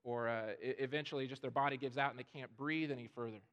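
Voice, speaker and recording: A man's voice: medium pitch, fairly even intonation, fast talker, a bit bright, highs cut off. A man preaching a sermon in an earnest way, often repeating words as he starts a phrase. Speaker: pastor.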